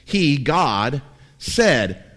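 Animated man preaching a sermon. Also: mid-range voice, drawn-out words. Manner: animated preaching with wry humor. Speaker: pastor.

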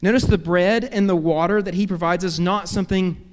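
High-voiced preacher in a reverberant hall. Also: male voice, steady tone, fairly quick. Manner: earnest preaching with rhetorical questions and cascading lists. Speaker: pastor. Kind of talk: sermon.

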